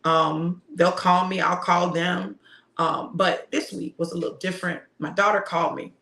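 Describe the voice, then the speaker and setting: A woman's voice: lowish voice, steady tone, moderate pace, pushed and bright. A middle-aged woman who preaches, telling a family story in a casual, heartfelt way and laughing often. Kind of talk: casual motivational talk. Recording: roomy echo.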